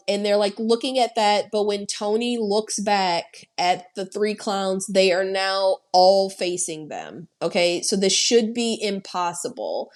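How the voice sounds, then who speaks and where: Animated swearing woman recapping a film. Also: medium pitch. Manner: animated, profane storytelling with acted-out quotes. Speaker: podcast co-host. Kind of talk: casual film recap chat.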